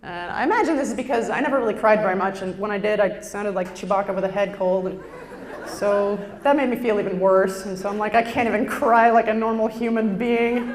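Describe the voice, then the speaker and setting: A woman's voice: mid-range voice, quick pace. A woman telling a self-deprecating stand-up story on stage through a lapel mic, chatty and full of filler words. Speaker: stand-up performer. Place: stage before a live audience. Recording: roomy stage hall echo.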